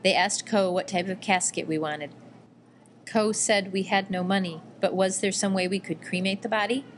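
A woman narrating a first-person memoir in a measured, quietly emotional reading. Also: mid-range voice, steady tone, slight background noise. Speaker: audiobook reader.

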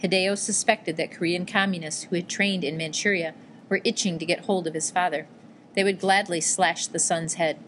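A woman reads an audiobook in a low, measured voice. Her telling is even and steady, with a faint hiss in the background. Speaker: narrator. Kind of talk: audiobook narration.

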